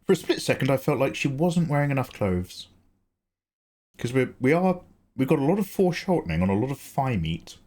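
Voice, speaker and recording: An English man hosting a livestream, talking casually in an animated, chatty way, swearing and laughing easily. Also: medium pitch, fairly quick. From England. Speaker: livestream host.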